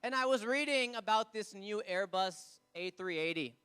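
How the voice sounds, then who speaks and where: An Indian man with a notably high speaking voice works a live comedy crowd through a stage mic. His delivery is animated, and he slips into characters for short bits. The sound is a stand-up set in front of an audience. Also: clear, resonant tone. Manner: animated, acts out characters with quick voice shifts.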